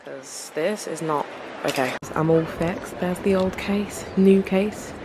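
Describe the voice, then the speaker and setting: A young woman vlogging to camera in a chatty, excitable way, full of "like" fillers. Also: fairly low pitch, slow, background noise. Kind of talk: casual vlog chat to camera.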